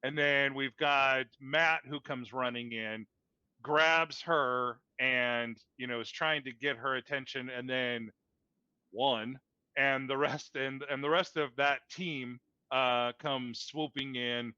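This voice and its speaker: A man chats through a movie's plot on a podcast, stopping and restarting his sentences as he goes. His voice is bright and smooth. The recording is dry and slightly muffled. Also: mid-range voice, fairly even intonation, slow pace, no room sound. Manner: recaps plot with many fillers and restarts. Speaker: podcast co-host. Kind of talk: casual movie discussion.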